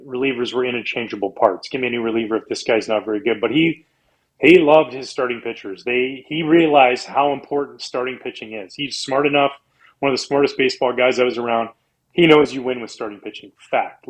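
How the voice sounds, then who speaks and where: A middle-aged man from Canada tells stories in a relaxed interview. He bounces between his easy speaking voice and high, squeaky impressions of the people in his stories. His delivery stays casual and full of energy. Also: low-quality recording. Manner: animated storyteller, acts out quotes in a high voice. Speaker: guest, former pitcher.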